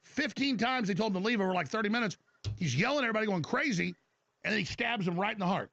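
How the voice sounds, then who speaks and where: High, gravelly ranting man. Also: lively intonation, fast, a bit bright, no echo. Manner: ranting, stammering restarts. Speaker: talk show host. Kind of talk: heated political monologue. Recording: dull lo-fi broadcast audio.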